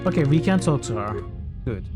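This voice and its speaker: A streamer casually commenting on a video game as they play, thinking aloud and haltingly, with quick excited outbursts. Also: medium pitch. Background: game music.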